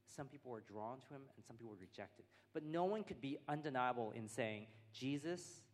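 A man's voice: mid-range voice, expressive, a little fast. An American man, a pastor, preaching a sermon in a church hall, earnest and building his points through repeated phrases. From United States. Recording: long hall reverb.

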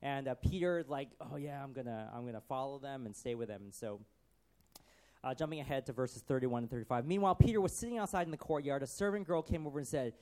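A man preaching, reading scripture and retelling it in casual commentary with acted-out voices, swinging from loud to hushed. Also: medium pitch, animated, fast. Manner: acts out quotes in varied voices, conversational asides. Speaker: pastor.

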